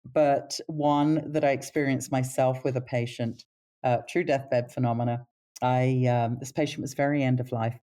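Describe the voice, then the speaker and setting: Low mellow-voiced woman telling stories. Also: moderate pace. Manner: animated pitch when quoting others. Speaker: palliative care nurse. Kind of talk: casual storytelling interview.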